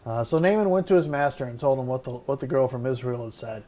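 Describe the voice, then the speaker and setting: Speaking quickly in a warm, mid-range voice, a male podcast host leads a relaxed Bible study. He reads passages aloud and reflects on them, full of fillers and restarts. He owns up to pronunciations he isn't sure about.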